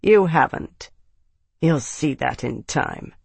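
A man's voice: on the high side, lively intonation, slow pace, vocal fry, breathy edge, no room sound, exaggerated voice. A man reading an audiobook, voicing a cold, hostile female agent who speaks in clipped threats. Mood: quietly menacing.

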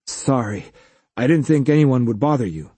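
A man's voice: medium pitch, animated, normal speed, mellow, husky, no room sound. A man voicing an impatient young man in an audiobook.

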